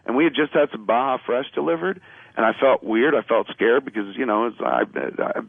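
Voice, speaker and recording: A fast-talking man spins a casual anecdote as a radio guest, hopping into the voices of the people in his story. His speech is loose and profane and full of filler. The sound is thin and phone-like, close and dry. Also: medium pitch, creaky, no room sound. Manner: animated storyteller acting out quoted lines.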